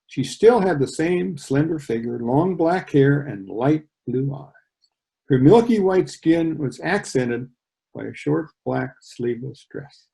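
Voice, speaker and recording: A male author reads his novel aloud over a video call and talks about it between passages, conversational and animated. His voice is gravelly and dark, and it moves through a wide pitch range. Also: slow pace, rough recording. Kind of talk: reading his novel with commentary.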